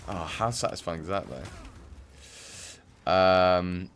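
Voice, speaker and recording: A man's voice: low-pitched, slow, a little hiss or hum. A young English man from the Midlands chatting casually and rambling with many fillers while he plays a game on stream. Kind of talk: casual chat while playing.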